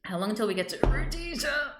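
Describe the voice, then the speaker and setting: A woman chatting casually on a live stream as she works, halting and laughing often as she greets viewers. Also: mid-range voice, big pitch swings, roomy sound, heavy background noise. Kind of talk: casual live-stream chat while working.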